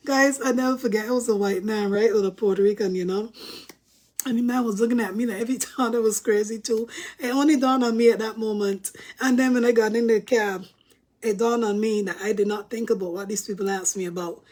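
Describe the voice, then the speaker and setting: Bajan woman vlogger with a fairly high voice, chatty storyteller who laughs a lot. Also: fairly quick, darkish tone. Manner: chatty, laughs often, addresses viewers as guys. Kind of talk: casual storytelling to camera.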